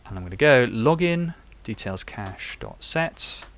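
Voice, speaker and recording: A man's voice: mid-range voice, very animated, unhurried, fairly bright tone. A young man chatting and thinking aloud while he codes live on stream. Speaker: developer live-coding on stream. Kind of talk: live coding tutorial.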